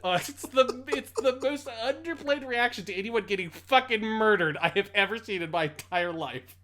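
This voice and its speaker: A man co-hosting a podcast, animated and profane, retelling scenes while laughing. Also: sits high, normal speed, hardly any pauses. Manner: animated, swearing, laughing storyteller. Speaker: podcast co-host. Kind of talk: casual chat.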